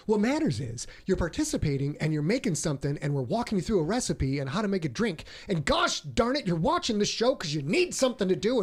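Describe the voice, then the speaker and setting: A man hosting a casual podcast, joking playfully and explaining plans with enthusiasm. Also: on the high side. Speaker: host.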